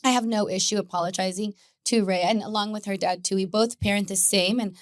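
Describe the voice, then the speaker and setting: A woman speaks as a podcast guest, chatting in a lively, storytelling way about her day-to-day life. Her pitch sits in the middle range for a woman. The sound is dry and close, with no room echo. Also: brisk. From Mexican-American family. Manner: chatty, animated storytelling with laughter. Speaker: guest, Pilates instructor. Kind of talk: casual podcast conversation.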